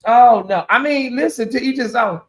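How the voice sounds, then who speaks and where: Sassy male host chatting on a livestream with a high, crisp, bright voice. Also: normal speed. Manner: sassy, chatty, calls listeners honey and y'all. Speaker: channel host. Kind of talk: casual livestream chat.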